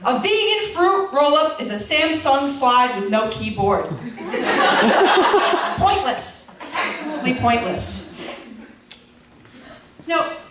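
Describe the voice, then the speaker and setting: A woman's voice: sits high, heavy background noise. A young woman performing a stand-up comedy set, rambling through her jokes with lots of fillers and self-deprecating asides. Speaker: stand-up comic. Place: school auditorium before a laughing audience. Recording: echoey hall from far off.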